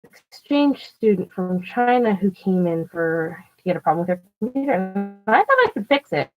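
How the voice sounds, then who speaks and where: A woman rambles through a work story for her vlog, her voice mid-pitched and plain. She piles on "like" and restarts her sentences, and she swears freely. The recording is dull and lo-fi, with faint music underneath. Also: big pitch swings, normal speed. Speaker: vlogger. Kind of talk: casual storytelling.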